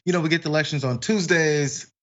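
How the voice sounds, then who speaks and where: A man's voice: on the high side, fairly even intonation, a bit bright, lo-fi sound. A man co-hosting a news show, joking in casual banter with frequent stumbles and restarts. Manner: joking, halting, with repeated restarts. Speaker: co-host.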